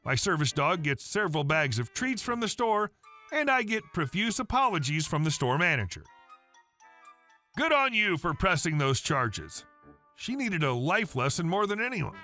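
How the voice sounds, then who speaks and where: A man reading a story aloud in an even storytelling manner, as the regular narrator of a story channel. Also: on the high side, moderate pace, faint music behind. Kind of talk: scripted narration.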